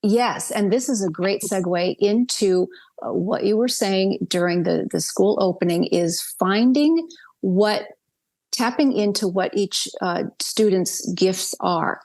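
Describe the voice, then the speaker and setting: A woman's voice: medium pitch, slow pace, a little mellow. A woman hosting an interview, asking long, rambling questions with hesitant fillers. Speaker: host.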